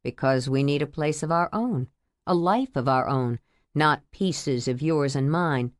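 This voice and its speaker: A woman voicing an earnest, tender man in love who speaks quietly and steadily, in a romance audiobook. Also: unhurried, no room sound, clean studio sound. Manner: quiet, steady, low-voiced. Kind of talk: audiobook character voice.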